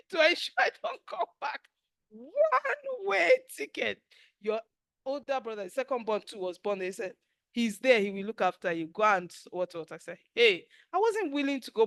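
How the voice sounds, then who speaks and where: A middle-aged Nigerian woman with a Nigerian accent leads a spiritual teaching class, telling stories and acting out the quotes in an animated, emphatic manner. Her voice sits a little high, and the recording is studio quality with no echo.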